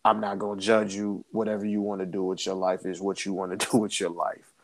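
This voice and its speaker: A man chats on his podcast in a low, gravelly voice full of vocal fry. He tells a family story earnestly, with frequent restarts and repeated phrases. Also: monotone, a little fast. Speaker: podcast co-host. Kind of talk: casual podcast chat.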